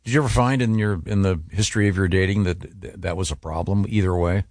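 A man's voice: sits low, quick pace, darkish tone, no echo. A man hosting a radio show in a studio, bantering with his co-hosts and asking them questions. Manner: joking, asks guests questions. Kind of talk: casual morning radio banter. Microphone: studio microphone.

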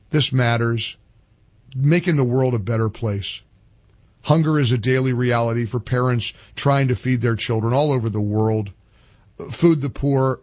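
A man's voice: mid-range voice, darkish tone, no echo. An older man hosting a talk radio show, talking animatedly with fired-up peaks and earnest appeals to listeners. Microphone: studio microphone.

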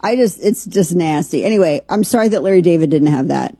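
A woman's voice: lowish voice, animated, fairly quick, mellow, slightly rough, no echo. A woman hosting a podcast in a rambling, casual commentary with sarcastic asides. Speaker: podcast host.

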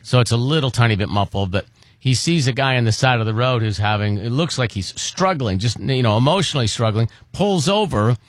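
A man hosting a morning radio show, telling a story with animated, teasing banter. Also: mid-range voice, a little fast, no room sound.

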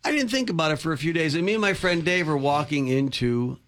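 A middle-aged man from the Chicago area spins rambling, self-deprecating stories in casual conversation. His voice sits a little higher than most men's. He acts out the other people in his tales as he goes. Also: fast. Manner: rambling anecdotes, self-deprecating, animated quoting. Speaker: co-host. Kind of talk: casual chat, storytelling.

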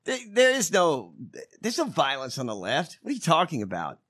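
Bright, high sarcastic man riffing. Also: wildly swooping pitch, normal speed. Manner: sarcastic, profane, joking. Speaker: podcast co-host. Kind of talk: casual reaction chat.

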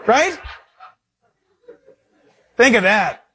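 A male pastor preaching a sermon, animated and acting out little dialogues. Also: very high voice, very slow.

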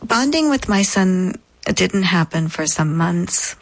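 A woman with a low, grounded voice speaks as an interview guest. She recounts her experience slowly and deliberately, pausing between phrases. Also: expressive, low-quality recording. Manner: measured, deliberate, pausing often. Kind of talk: reflective personal storytelling.

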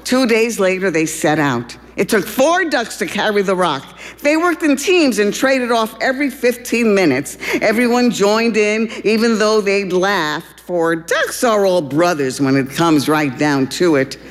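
Woman reading a storybook slowly. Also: mid-range voice, lively intonation, long reverb tail. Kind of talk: storybook narration.

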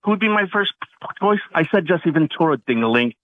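A man's voice: fairly high pitch, expressive, a little fast, no room sound. A man calling in to a radio show, defiant and insulting toward the host. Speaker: caller. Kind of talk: phone-in argument. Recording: tinny phone line.

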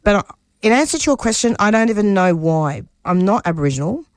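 A middle-aged woman from Australia speaks as an interview guest, passionate and halting, often restarting her sentences. Her voice sits at an ordinary pitch. The sound is dry and close. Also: expressive, no room sound. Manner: passionate, restarts often, voice rises when stirred. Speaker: community radio producer and interview guest. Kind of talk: personal interview talk.

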